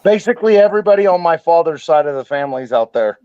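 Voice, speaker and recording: A man's voice: a little high, expressive, fast, darkish tone, highs cut off, slight background noise. A man from California, chatting in a rambling, hesitant way. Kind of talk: casual group chat.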